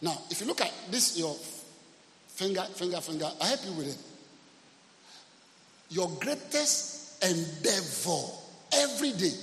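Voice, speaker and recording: Emphatic pastor in echoey hall. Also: male voice, sits high, sing-song, normal speed, long pauses, a bit bright, a little hiss or hum. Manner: emphatic preaching, repeatedly asks the congregation if they are listening. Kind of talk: sermon. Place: church service. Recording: echoey hall, faint ambience.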